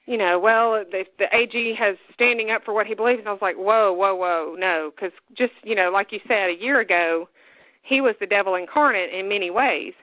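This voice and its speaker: A woman's voice: mid-range voice, a little fast, dry recording. Alabama woman co-hosting, chatty, laughs a lot, dry dull audio. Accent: Alabama Southern. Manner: chatty, laughs often, opinionated. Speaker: co-host. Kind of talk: casual chat.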